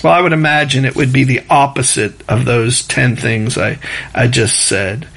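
A man preaching a sermon in a relaxed, conversational way, chuckling as he mimics rushed and loud prayers. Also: mid-range voice, gravelly. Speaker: pastor.

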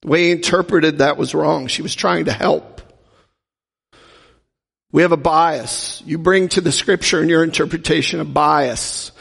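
A man with a fairly high, gravelly voice delivers a teaching sermon. He keeps it conversational and throws questions at his listeners. His voice rings with the long reverb of a big hall. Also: steady tone, unhurried, fairly bright tone. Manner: conversational, asks the audience questions. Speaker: pastor teaching a Bible class.

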